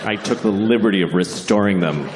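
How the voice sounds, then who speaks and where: A man's voice: fairly low pitch, a little fast, reverberant, noisy background. A man performing a stand-up comedy set, ranting sarcastically with plenty of profanity and mock outrage.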